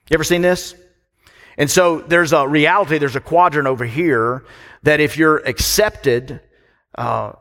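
A pastor preaches in an easy, conversational way, often turning questions back on his listeners. His voice sits in a middle range for a man. The sound carries the long reverb of a large church hall. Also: medium pitch. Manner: conversational, asks the congregation questions. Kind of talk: sermon.

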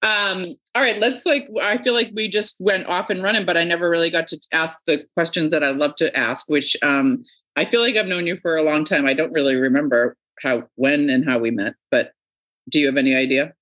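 A middle-aged woman hosting a podcast, telling stories in a casual, animated way and acting out the people she quotes. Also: low-pitched, fairly quick. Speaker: podcast host. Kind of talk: casual interview chat.

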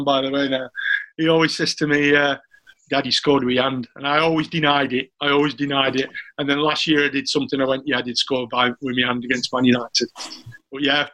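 Man, Yorkshire accent, middle-aged, ex-footballer guest, rambling anecdotes, bright tone. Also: on the high side, low-quality recording. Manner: chatty storyteller, laughs often, restarts sentences. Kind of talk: casual anecdotal chat.

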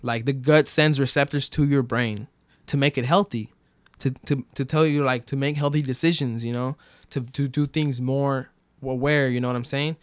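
A young man shares his story as a podcast guest, speaking mid-range at a moderate pace with fairly even intonation and no echo. His casual telling rambles, peppered with swearing and fillers such as "like" and "bro."

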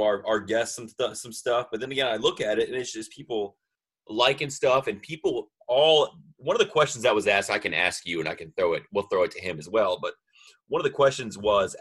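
Man, husky, bright and forceful tone, lowish pitch, rambling casual podcast talk. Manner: rambling, trails off mid-sentence. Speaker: podcast co-host. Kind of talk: casual chat.

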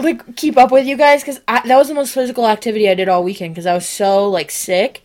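A young woman co-hosting a comedy podcast, telling a story in a casual, animated way and acting out the voices of the people in it. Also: sits high, a little fast. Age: young adult. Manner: animated, acts out quoted voices. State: sick, sniffing and coughing. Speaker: podcast co-host.

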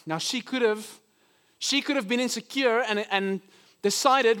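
A man with a notably high voice preaches to his congregation. He teaches earnestly and often slows down to stress a point. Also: bright, forceful tone. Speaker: pastor. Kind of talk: sermon. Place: church.

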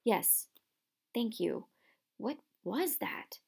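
A woman's voice: a little high, lively intonation, very slow, gravelly, a little mellow, breathy edge, full character voice. A woman voicing a frightened, curious young schoolboy who asks anxious questions.

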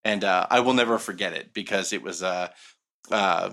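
A man's voice: low-pitched, normal speed, gravelly, pushed and bright. A middle-aged man casually telling a long story as podcast co-host, profane and sardonic, with mocking voice impressions.

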